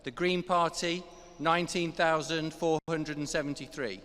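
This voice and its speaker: Man, fairly high voice, formal results announcement, measured reading, long hall reverb. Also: fairly even intonation, a bit bright. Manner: measured, reads out figures one by one. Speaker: returning officer. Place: large election count hall.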